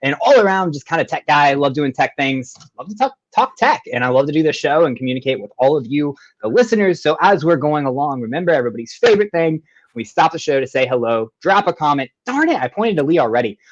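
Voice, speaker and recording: An upbeat man hosts a live online show and greets his viewers warmly. His voice sits fairly high, and he sounds effusive and eager. The audio is dry and a little muffled, like a video call. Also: sing-song, fast talker, hardly any pauses, no room sound. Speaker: show host.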